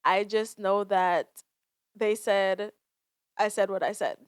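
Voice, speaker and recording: Speaking slowly with fairly even intonation, a young podcast host talks by herself in a candid, emotional way, full of sighs and swearing. Her medium-pitched voice is smooth, and the studio recording is clean and dry.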